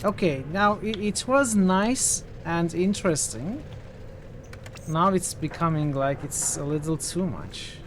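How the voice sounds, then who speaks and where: A man's voice: on the high side, expressive, slow pace, slight background noise. A man streaming a tactics game, giving casual live commentary as he thinks aloud, corrects himself and reacts with surprised exclamations.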